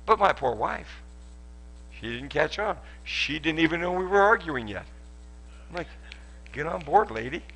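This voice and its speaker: A man preaching a sermon at a church service, animated and joking as he tells stories. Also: fairly high pitch, normal speed, pauses often. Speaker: pastor.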